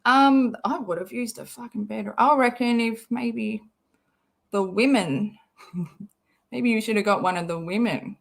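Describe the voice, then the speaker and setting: A woman's voice: a little high, unhurried, gravelly. A woman hosting a casual livestream, talking bluntly, swearing freely and laughing often. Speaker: livestream host.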